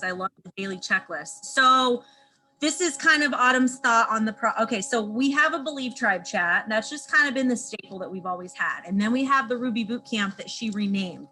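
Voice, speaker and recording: A chatty woman leads a team video call, talking loosely and stopping to correct herself. Her voice is bright and clear, sitting in a middle pitch. A faint hum and light noise sit under the call audio. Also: low-quality recording. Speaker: team leader hosting a group video call. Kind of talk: casual chat on a video call.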